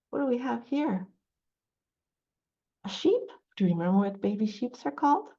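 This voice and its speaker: Animated sing-song woman reading to kids. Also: on the high side, moderate pace, long pauses, lo-fi sound. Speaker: children's librarian. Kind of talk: storytime for young children.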